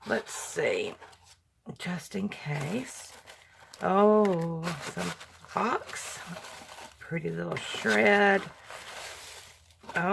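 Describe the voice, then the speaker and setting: Slow-talking woman gushing over craft mail. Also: mid-range voice, creaky, a little hiss or hum. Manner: gushing, slow and soft-spoken. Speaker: crafting YouTuber opening happy mail. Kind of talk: casual unboxing chat.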